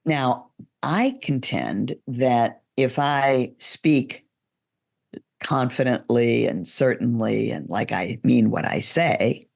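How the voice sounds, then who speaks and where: A woman coaching public speaking shares measured advice during an interview, modeling changes in pitch as she goes. Vocal fry runs through her darkish voice.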